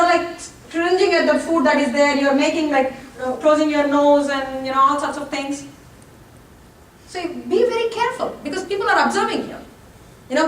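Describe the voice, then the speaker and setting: A woman with a high voice gives a presentation. She addresses the audience directly and throws in jokes. She is picked up from a distance in an echoing room, with faint noise behind her. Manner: direct, joking asides to the audience. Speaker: college lecturer giving a workshop talk. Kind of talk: lively presentation talk.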